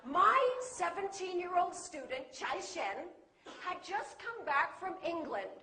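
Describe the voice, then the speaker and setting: A woman's voice: extremely high pitch, lively intonation, slow pace, pushed and bright. A woman teacher giving a humorous stage talk, telling playful stories and acting out the voices of the people in them. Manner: storytelling, playful with quoted voices. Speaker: English teacher and speaker. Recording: echoey hall.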